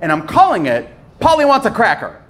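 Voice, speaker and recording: Lively higher-voiced male stand-up comic. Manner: animated, playful delivery with pauses for laughs. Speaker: stand-up comedian. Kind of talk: live stand-up set. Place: comedy club stage. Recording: noisy live club recording.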